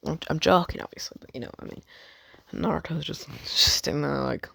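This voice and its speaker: A man's voice: on the high side, brisk, creaky, pushed and bright, slightly rough, dry recording, whispered, clean studio sound. A man rambling through a fan story, swearing a lot, cutting himself off and joking about it. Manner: rambling, sweary, self-interrupting, jokey.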